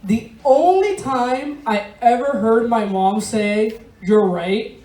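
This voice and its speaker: Recorded from a distance in an echoey room, a Venezuelan woman with an ordinary-pitched voice performs a stand-up set in a large bar space for a live crowd. Her storytelling is slow and deadpan, laced with laughter and swearing.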